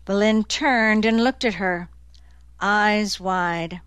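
A woman reading a novel aloud as an audiobook narrator, in an even, measured way. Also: mid-range voice, clean tone, dry recording. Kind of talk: scripted narration.

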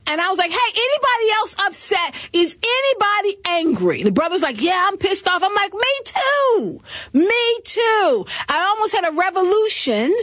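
A woman's voice: sits high, no echo. A middle-aged woman hosting a call-in radio show, telling stories with lots of laughter and acted-out dialogue. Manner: expressive storyteller, laughs often, acts out dialogue. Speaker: radio talk show host. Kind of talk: animated call-in radio chat. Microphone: studio mic.

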